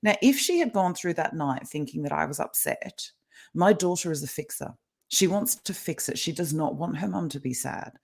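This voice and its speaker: A woman's voice: sits low, lively intonation, normal speed, creaky, darkish tone, breathy edge. A middle-aged woman guest explaining ideas in a casual interview over a video call, talkative and laughing often. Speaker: guest, kinesiologist and life coach.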